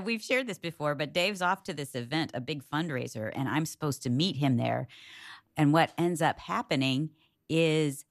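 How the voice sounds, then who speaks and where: Low-voiced woman telling a lively story. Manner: animated storyteller, acts out voices. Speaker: co-host. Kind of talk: storytelling in casual chat.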